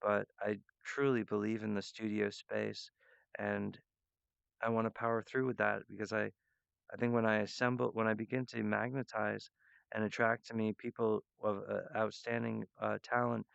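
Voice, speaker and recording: Gravelly, halting man speaking to viewers. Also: lowish voice, flat delivery, fairly bright tone, no echo, muffled recording. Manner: halting, full of restarts and fillers, earnest. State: emotional. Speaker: artist addressing viewers. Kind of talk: rambling direct-to-camera monologue.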